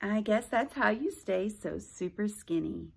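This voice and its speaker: A woman's voice: mid-range voice, lively intonation, measured pace, vocal fry, a little mellow, breathy edge, full character voice. A woman voicing a smarmy, fawning teenage boy who talks with oily, overly polite charm.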